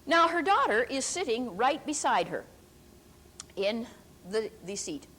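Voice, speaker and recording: An older woman preacher telling a testimony in a sermon, deliberate and emphatic, drawing out key words slowly. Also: fairly high pitch, very animated, a bit bright. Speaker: preacher and Bible teacher.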